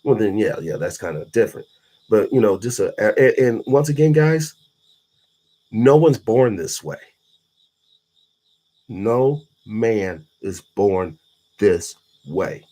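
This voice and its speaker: Husky-voiced man, blunt and profane, preaching street wisdom to his live chat. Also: lowish voice, expressive, slow, long pauses, warm tone. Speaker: livestreaming vlogger. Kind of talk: late-night monologue to live chat.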